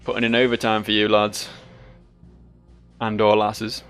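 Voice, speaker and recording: A man's voice: lowish voice, completely flat delivery, unhurried, fairly bright tone, smooth, faint music behind. A sleep-deprived man, giving rambling, sweary gameplay commentary full of self-mocking asides. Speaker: let's play host.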